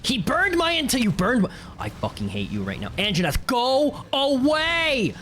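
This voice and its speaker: Woman streamer yelling at monsters. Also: medium pitch, a little fast, slight background noise. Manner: swears a lot, yells at monsters; animated, swings from mutters to shrieks. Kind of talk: live gameplay commentary.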